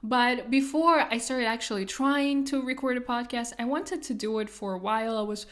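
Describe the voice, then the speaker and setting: A young woman whose first language is Russian chats her way through a solo podcast. Her voice sits slightly high, and she rambles on with plenty of fillers and casual asides. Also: steady tone, normal speed. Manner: chatty, rambling, lots of fillers. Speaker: podcast host.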